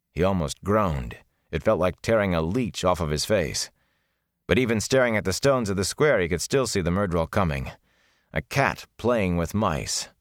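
Deep-voiced male audiobook narrator. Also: dry recording, studio quality. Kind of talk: scripted fantasy narration.

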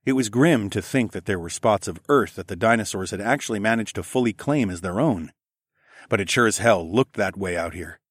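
Man reading a first-person story, lowish voice, steady and matter-of-fact, dry close sound. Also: a little fast, breathy edge, dry recording. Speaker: narrator.

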